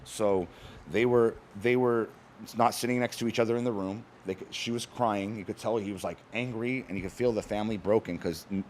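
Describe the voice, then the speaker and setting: A man on a talk show, telling stories in a fast, animated, casual way with frequent restarts. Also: fairly low pitch, slight background noise. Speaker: guest, cannabis company founder. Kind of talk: casual chat.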